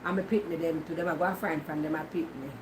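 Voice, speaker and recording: A woman's voice: low voice, fast talker, background noise. A Jamaican woman vlogging in casual Patois, teasing and answering her viewers' comments. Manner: teasing, talks back to comments.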